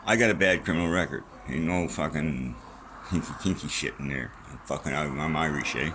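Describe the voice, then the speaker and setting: A man's voice: very deep voice, brisk, noisy background. A middle-aged man rambling casually and profanely in a vlog from a small room at home, jumping from topic to topic. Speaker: vlogger.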